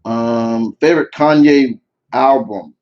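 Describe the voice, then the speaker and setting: A man's voice: medium pitch, takes it slowly, lo-fi sound. Opinionated man hosting a live Q&A. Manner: opinionated, rambling with frequent restarts. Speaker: channel host answering viewer questions. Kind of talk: live Q&A chat.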